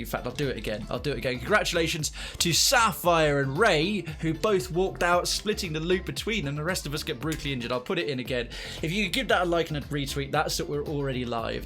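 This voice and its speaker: A man's voice: on the high side, a bit bright. A man streaming live, reading a story and chatting to viewers in a rambling, self-correcting way.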